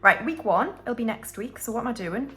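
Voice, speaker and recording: On the high side and a bit bright, her voice has lively intonation and moves fairly quickly. She's a budgeting vlogger from the United Kingdom, chatting casually to viewers as guys while counting banknotes aloud.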